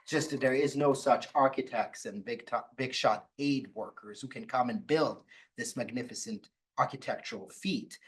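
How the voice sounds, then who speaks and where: A man's voice: mid-range voice, rough recording. Guy lecturing like a law prof, storytelling mode, wry little jokes, ordinary mid voice. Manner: lively storytelling with wry asides. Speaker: law professor. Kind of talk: academic lecture.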